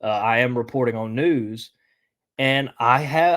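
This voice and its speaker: A young man, stuffy from allergies, hosting a solo podcast in a halting, stop-and-start way. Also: mid-range voice, fairly bright tone. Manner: halting, many restarts and fillers. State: congested from allergies. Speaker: podcast host. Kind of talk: casual solo podcast commentary.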